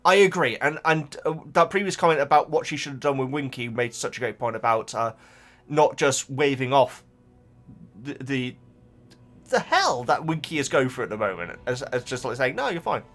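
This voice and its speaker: A man's voice: mid-range voice, lively intonation, moderate pace, a bit bright. A man chatting casually as a YouTuber, reading viewer comments with rambling, stammered restarts. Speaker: YouTuber reacting to book comments.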